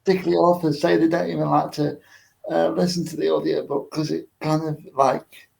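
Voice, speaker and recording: A man hosting a book club interview, asking halting questions with fillers. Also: a little high, level tone, vocal fry, darkish tone, soft background music, rough recording. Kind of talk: casual interview conversation.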